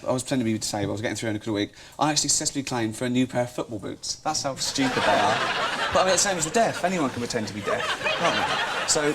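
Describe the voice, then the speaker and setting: A man's voice: medium pitch, background noise. An English man in his thirties giving a blunt, mock-ignorant comic news monologue. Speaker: comedy news presenter.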